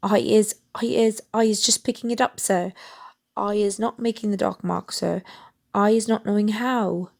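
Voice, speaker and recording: A woman's voice: flat delivery, unhurried, creaky, darkish tone. A woman voicing a terrified little female house-elf who stammers and pleads in broken grammar. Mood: terrified pleading. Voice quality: squeaky.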